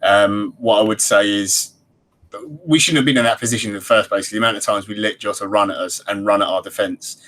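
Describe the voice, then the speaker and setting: A man hosting a podcast, his voice sitting low. He talks in a measured, easygoing way and leaves plenty of ums between his points. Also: fairly even intonation, fairly bright tone. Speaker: podcast host. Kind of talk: casual podcast chat.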